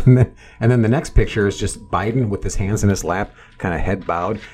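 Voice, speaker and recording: A man's voice: lowish voice, fairly quick, darkish tone, a little hiss or hum. A man co-hosting a casual political chat, talking in a sardonic, rambling way full of restarts.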